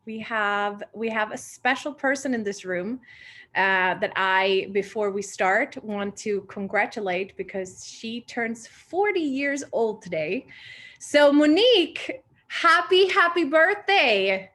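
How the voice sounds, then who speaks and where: A woman's voice: mid-range voice, a little slow, fairly bright tone. A woman in her twenties hosting a video call meeting, upbeat and effusive and short of breath. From Sweden. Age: 20s. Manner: upbeat and effusive, repeats words for emphasis. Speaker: retreat founder and confidence coach hosting a meeting.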